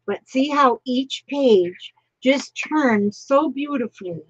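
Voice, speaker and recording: Woman crafter, slow husky voice, emotional asides, dull dry home mic. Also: high voice, expressive, dry recording. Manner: emotional, overwhelmed, breathless exclamations. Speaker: crafting vlogger. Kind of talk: casual craft tutorial chat.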